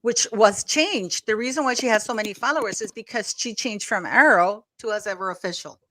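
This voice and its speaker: A woman's voice: mid-range voice, brisk, bright, forceful tone, no room sound. A woman co-hosting a live stream in casual chat. She thanks viewers often and laughs easily.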